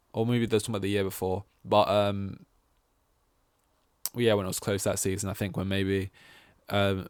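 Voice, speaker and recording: Low smooth-voiced male podcast host. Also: dry recording, studio quality. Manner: rambling, thinking aloud with hesitant restarts. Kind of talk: casual chat.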